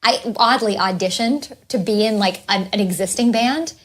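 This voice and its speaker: A woman's voice: mid-range voice, normal speed. A woman from Canada, a voice actress, chatting bubbly and self-deprecating in a hotel lobby. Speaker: voice actress guest. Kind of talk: casual interview chat. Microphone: field recorder.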